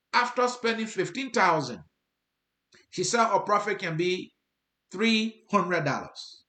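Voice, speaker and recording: A man with a Liberian accent hosts a commentary for his viewers, earnestly hammering his points home through repetition. His voice is high, pushed and bright, and the sound around him is roomy with plenty of echo.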